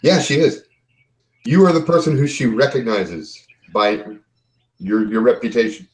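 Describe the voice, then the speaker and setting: A man narrating as game master of a tabletop game, in relaxed descriptive narration. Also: medium pitch, unhurried, slight background noise, low-quality recording.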